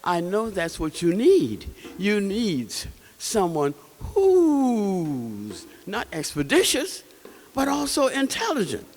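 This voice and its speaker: A man's voice: high voice, wildly swooping pitch, slow, darkish tone, big-room sound, full character voice. A man doing a wise old owl lady. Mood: musing. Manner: musing, self-questioning.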